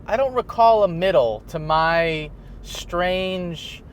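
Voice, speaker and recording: A man's voice: high voice, takes it slowly, slight background noise. A man hosting a podcast in casual chat, rambling and laughing often as he tells a story. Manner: rambling, laughs often while telling stories. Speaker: podcast host.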